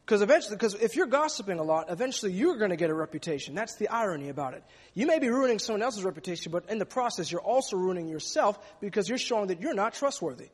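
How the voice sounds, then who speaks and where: A man delivers a sermon with a high, slightly breathy voice. He speaks emphatically and often doubles back on his words. Long reverb from a large church hall trails each phrase. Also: expressive, fast talker. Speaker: preacher.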